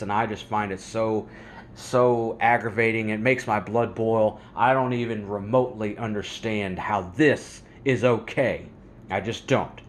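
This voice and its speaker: A man's voice: on the low side, a little hiss or hum. A man hosting a religious commentary vlog, talking in an angry, fired-up rant. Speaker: host.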